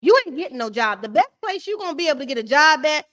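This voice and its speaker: Sassy high-voiced woman ranting. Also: fast talker. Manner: sassy, shady, animated ranting. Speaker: reality TV recap host. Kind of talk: casual live-stream commentary.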